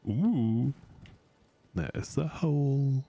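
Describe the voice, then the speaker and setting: A male streamer talks through his game at an unhurried pace, chatting and rambling to his viewers. His low voice has a gravelly fry and a dark, mellow tone. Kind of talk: casual live-stream commentary while gaming.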